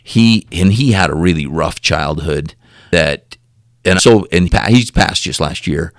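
Man, podcast guest, lowish voice, animated storytelling, frequent restarts, dry recording. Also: measured pace, dry recording. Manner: animated storyteller acting out quoted dialogue; repeats words and restarts often.

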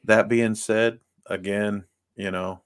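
Man, low voice, casual rambling chat, lots of fillers, podcast co-host. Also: little pitch movement, takes it slowly. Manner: rambling storyteller, many fillers.

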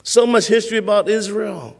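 A man's voice: sits high, brisk, creaky, darkish tone, in a large hall. A male pastor preaching a sermon in a conversational way, repeating points for emphasis.

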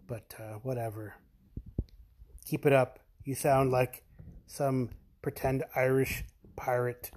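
A man leaving a deadpan voicemail that slips into mock pirate talk. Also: mid-range voice, a little hiss or hum. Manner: deadpan, drawn-out. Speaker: caller.

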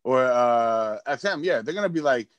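A man's voice: mid-range voice, expressive, normal speed, no echo. A man hosting a podcast in casual chat, thinking aloud with restarts and the odd swear. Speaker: podcast host.

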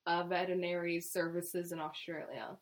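A young woman chatting with friends on a podcast, giggly and quick to react. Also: on the low side, level tone. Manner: giggly, blurts out loud reactions. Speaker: guest friend. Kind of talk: casual chat.

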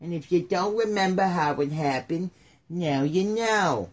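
A man's voice: high voice, a little slow. A man hosting a podcast, retelling history in a loose, joking way full of puns and rambling asides. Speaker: podcast host. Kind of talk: casual comedic history chat.

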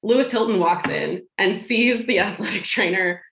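Animated woman telling a story, roomy sound. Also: mid-range voice, moderate pace, creaky. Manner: animated, laughing, acts out quoted lines. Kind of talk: casual storytelling chat. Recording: roomy echo.

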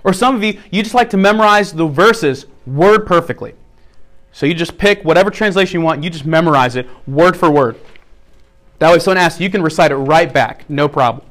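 A man with a high voice preaches a sermon to his church. He teaches in a practical way and often repeats his key phrases. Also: fairly quick, a bit bright. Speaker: pastor.

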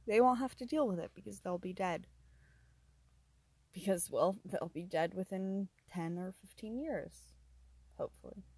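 A young woman hosting a casual solo podcast, rambling softly, laughing often and sometimes dropping to a whisper. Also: medium pitch, moderate pace, breathy edge, no echo. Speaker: podcast host.

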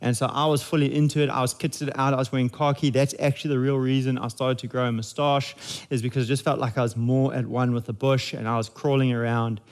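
A man's voice: mid-range voice, level tone, fast. Casual-sounding pastor, man. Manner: conversational and jokey, with many restarts. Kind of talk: sermon.

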